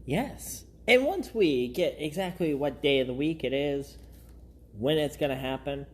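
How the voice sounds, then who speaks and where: Low-voiced woman podcast co-host. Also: expressive, measured pace. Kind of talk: casual podcast chat.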